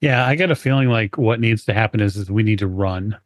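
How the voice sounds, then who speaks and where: A man playing a tabletop game talks through his character's choices with care. His voice sits low, on a dry and close recording. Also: fairly quick, dry recording. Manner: thoughtful, weighing options aloud. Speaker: player.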